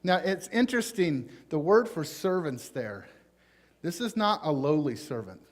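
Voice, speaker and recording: A male pastor with a Southern US accent, preaching a conversational sermon in a folksy, informal way with animated emphasis. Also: fairly high pitch, unhurried. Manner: folksy, informal, with frequent fillers.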